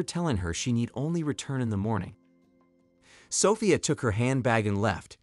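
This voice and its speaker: A man narrating a scripted drama story in an expressive, even-paced reading. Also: mid-range voice.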